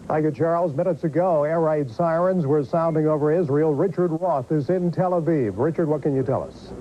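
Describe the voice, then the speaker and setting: Brief: male anchor, slightly high, crisp handoffs, muffled broadcast sound. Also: fairly quick, a little hiss or hum. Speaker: news anchor.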